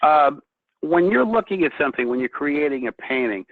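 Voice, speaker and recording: A man speaking as a guest painter in a casual chat, excitable and often restarting his sentences. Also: on the high side, moderate pace, no echo. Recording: tinny phone-like line, dry.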